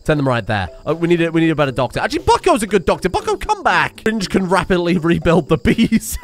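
A man giving excitable, sweary let's play commentary and yelling at the game. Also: fairly high pitch, fast talker. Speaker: game streamer.

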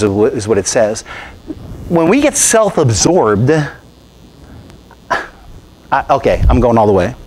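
A man's voice: a little high, slight background noise, poor audio. A man pastor giving a conversational sermon at a Bible study, asking his listeners questions and acting out what people say to him. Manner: animated, conversational preaching with asides and rhetorical questions; quotes scripture and acts out other people's remarks.

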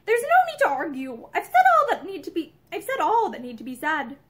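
A domineering husband, brusque and impatient, voiced by a woman reading a novel. The voice stays high and lively rather than deep. It sounds like a storybook reading. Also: a little fast, exaggerated voice. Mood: curt.

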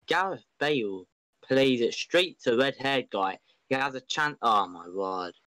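Man, excitable rambling match commentary, openly biased, dry close sound. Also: medium pitch, unhurried, no echo, rough recording. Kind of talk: live esports football commentary.

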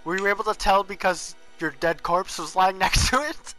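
Young male gamer, high bright voice with gravel, casual profane banter, faint music under. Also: moderate pace, low-quality recording. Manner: swearing, laughing, loud outbursts. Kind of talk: casual gameplay chat.

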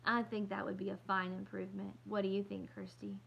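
A patient, tired mother speaks soothingly in a storybook voice, as a woman reads her lines. Her tone is low-key and her voice is gravelly. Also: fairly quick, dull audio, slight background noise. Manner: soothing, calm.

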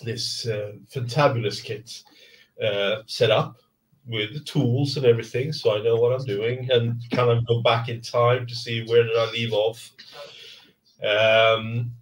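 A man hosts a relaxed livestream, rambling along and stumbling over his words with plenty of fillers. He sits a little back from the microphone, so his voice sounds slightly distant. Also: medium pitch, measured pace. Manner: rambling, hesitant, many fillers and restarts. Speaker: livestream host. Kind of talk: casual livestream chat.

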